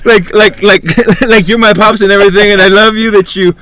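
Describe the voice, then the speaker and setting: A man's voice: high-pitched, steady tone, a little fast, sharp tone, no echo. Rambling, profane man hosting a podcast. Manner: rambling, filler-heavy and profane. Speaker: podcast host. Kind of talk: casual chat. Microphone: podcast microphone.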